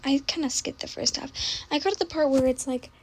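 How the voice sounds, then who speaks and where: A young woman in casual, scattered chat, often trailing off, restarting and dropping to soft asides. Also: sits high, fairly quick, slight background noise. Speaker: book vlogger. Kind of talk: casual rambling chat while gaming.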